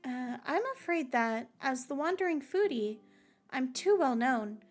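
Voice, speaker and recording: A woman reading the lines of a well-known wandering foodie aloud from a game, slowly, in her own voice. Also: high voice, lively intonation, faint music behind. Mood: polite.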